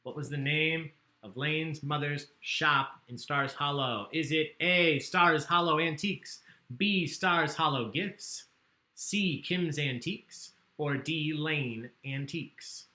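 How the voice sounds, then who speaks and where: Bright-voiced man hosting online trivia. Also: on the high side, takes it slowly, reverberant. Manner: chatty, joking, reads questions aloud. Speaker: trivia host.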